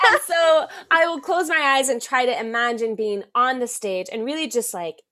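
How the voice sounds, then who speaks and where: A woman's voice: a little high, normal speed. A young adult woman, a Broadway performer, chatting as a podcast guest and acting out the quotes in her stories. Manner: animated storyteller, acts out quotes. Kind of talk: casual podcast interview.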